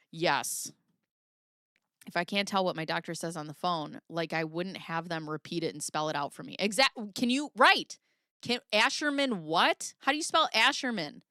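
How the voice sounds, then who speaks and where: A woman's voice: medium pitch, pushed and bright, smooth, dry recording, studio quality. A woman chatting casually on a livestream, reading viewer comments and joking sarcastically, with frequent laughter.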